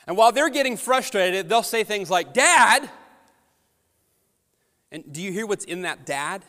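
A man preaches a sermon on a microphone, slipping from easy storytelling into strong, emphatic rises. His voice sits a bit high for a man. The sound carries a long reverb from a large church hall. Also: fairly quick, fairly bright tone. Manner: storytelling, conversational with rising emphatic peaks. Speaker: pastor. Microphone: handheld or headset microphone.

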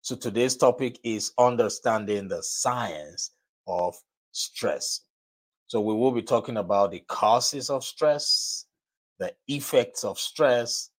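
Slow, deliberate male broadcast host. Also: on the low side. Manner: slow, deliberate and repetitive, stresses key phrases. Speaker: host of a live broadcast and podcast. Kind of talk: motivational talk to a live audience.

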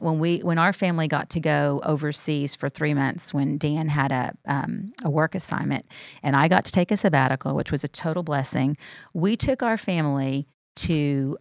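A woman pastor with a fairly low voice shares personal faith stories in relaxed podcast conversation. Her delivery is heartfelt and lifts when she is moved. The sound is close and dry. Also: no echo. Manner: heartfelt storytelling, grows animated when moved.

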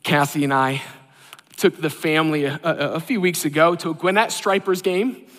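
A man, a pastor, preaching a sermon and telling a self-deprecating personal story in an animated way. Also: fairly high pitch, moderate pace. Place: church sanctuary. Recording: long hall reverb.

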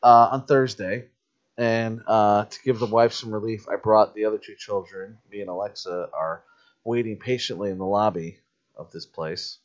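A man's voice: lowish voice, moderate pace. A man co-hosting a podcast, telling jokey stories in casual chat with crude humor. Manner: joking, lively storyteller with crude humor. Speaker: podcast co-host. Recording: dull lo-fi sound.

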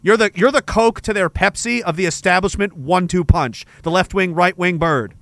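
A man's voice: high-pitched, moderate pace, a bit bright, no room sound. A man hosting a podcast, ranting crudely and sarcastically and reading out chat comments. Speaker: podcast host. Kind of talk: casual livestream rant.

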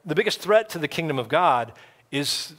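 A man's voice: on the high side, lively intonation, normal speed, fairly bright tone. A man preaching a sermon as pastor, in a casual, conversational way with playful voices for the people in the story. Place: church.

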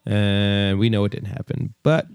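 A man's voice: on the low side, flat delivery, measured pace, creaky, darkish tone, clear, resonant tone, no echo. A man co-hosting a casual Bible study podcast, walking through chapters and verses in an easygoing, conversational way. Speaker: podcast co-host.

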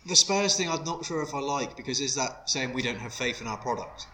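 A man's voice: medium pitch, animated, a little fast, pushed and bright, far from the mic, a little hiss or hum. Off-mic man, sweary and offhand. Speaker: podcast co-host. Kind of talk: casual banter. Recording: echoey room, off-mic, chatter behind.

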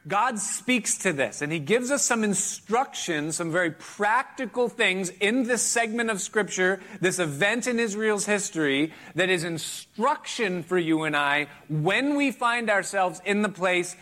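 A middle-aged man preaching a sermon in a relaxed, conversational way. His voice is bright and sits a little high for a man. He tells stories with a self-deprecating touch and chuckles between points. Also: measured pace, few pauses. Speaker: pastor. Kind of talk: sermon with personal story.

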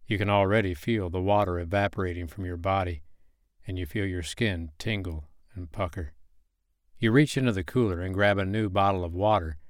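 A man with a lowish voice narrates an erotic audio story in second person. His delivery is slow, measured and soothing. The sound is close and dry, with no room around it. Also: no echo.

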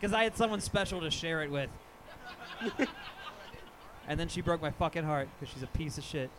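A man's voice: a little high, expressive, normal speed, noisy background. A man co-hosting a live podcast show, telling a crude, self-mocking story in a rambling way at a live venue.

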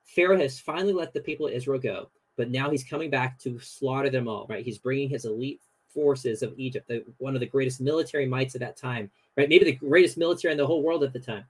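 A young man, a guest on a podcast, telling a story in a casual, animated way with lots of fillers. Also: mid-range voice, fast talker, few pauses, slightly rough, low-quality recording.

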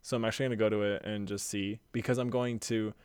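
A man's voice: on the low side, little pitch movement, quick pace, darkish tone, clean tone, dry recording. A young man co-hosting a podcast, chatting casually and rambling with many fillers and swear words. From Utah, USA. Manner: rambling, lots of fillers and profanity. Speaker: podcast co-host. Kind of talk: casual chat.

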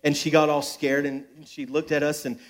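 A man's voice: on the high side, level tone, normal speed. A young adult man, a pastor, giving a sermon at a church service with joking, self-deprecating personal stories.

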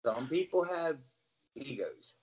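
Man, middle-aged, former wrestler, casual anecdotes, animated, acts out voices. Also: mid-range voice, takes it slowly, slight background noise, low-quality recording. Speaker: interview guest, former wrestler. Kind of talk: casual storytelling.

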